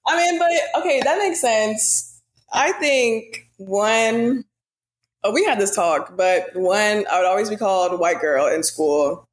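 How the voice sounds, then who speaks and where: A woman's voice: medium pitch, slow. Young woman, kinda shy, lots of likes and um's, casual talk. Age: young adult. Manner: hesitant, many fillers. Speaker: guest. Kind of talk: casual conversation.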